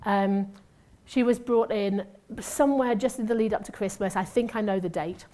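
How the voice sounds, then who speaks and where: A woman's voice: medium pitch, normal speed, mellow. A woman, a former nurse sharing a testimony sermon in a chatty, self-mocking way with asides. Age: 50s. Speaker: church speaker and former nurse.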